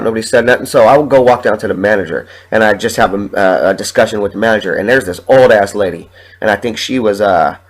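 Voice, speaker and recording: A sick podcast host with a low-side voice rants through heated, profanity-laden stories in a casual monologue, coughing from a sore chest. The audio is poor.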